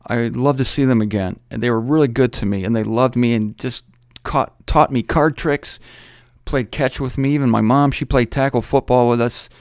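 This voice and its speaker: A man's voice: mid-range voice, steady tone, normal speed, smooth, no room sound, studio quality. A middle-aged man giving informal Bible teaching, talking conversationally with joking asides and stopping to correct himself.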